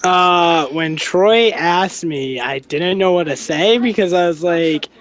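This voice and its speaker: A man's voice: high voice, slow, a bit bright, no echo. Young man rambling casually. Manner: rambling, lots of fillers. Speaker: guest. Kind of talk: casual chat.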